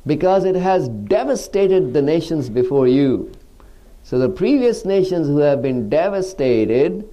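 A man's voice: mid-range voice, dark tone. A man giving a religious lecture as a preacher. He keeps asking rhetorical questions and quotes Arabic sayings. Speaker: Islamic preacher.

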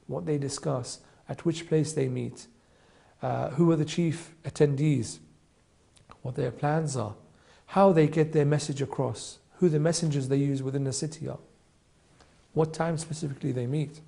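A man's voice: on the high side, steady tone, moderate pace, creaky, warm tone. A man narrating a historical story in a conversational way.

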